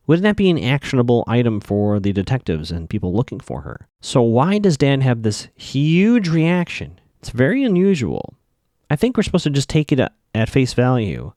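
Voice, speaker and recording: A man recapping a TV episode in a loose, chatty way, full of "uh" and "like", now and then playing out lines from the scenes. His pitch jumps around a lot as he talks. The sound is dry and close, with little room echo. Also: a little mellow. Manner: chatty, loose, many fillers, acts out characters' lines in passing. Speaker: podcast host recapping a TV episode. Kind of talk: casual solo recap.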